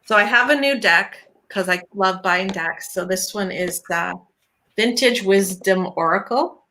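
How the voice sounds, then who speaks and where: Canadian woman, mid-pitched and bright, warm upbeat tarot co-host. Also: measured pace, slight background noise, low-quality recording. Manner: upbeat, encouraging. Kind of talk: casual chat and card reading.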